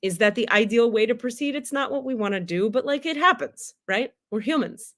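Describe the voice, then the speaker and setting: A woman's voice: a little high, lively intonation, brisk, a bit bright. A woman hosting a spiritual livestream, talking candidly and casually, swearing freely and laughing often.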